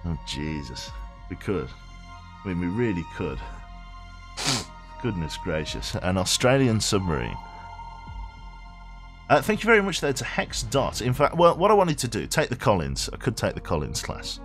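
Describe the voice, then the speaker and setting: A man's voice: on the low side, wildly swooping pitch, normal speed, pauses often, fairly bright tone, faint music behind. A man streaming a game in a rambling, chatty way, reading game text aloud and swearing offhand. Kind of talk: casual live game commentary.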